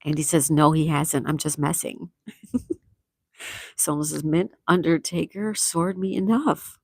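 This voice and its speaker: A middle-aged woman chats warmly with her viewers on a livestream, reading their comments aloud and laughing easily between them. Her voice sits a little low for a woman. The sound is dry and close, with no room echo. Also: fairly even intonation, a little slow, slightly rough. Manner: chatty and affectionate, laughs often while reading comments aloud. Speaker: livestream host reading chat. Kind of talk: casual live chat.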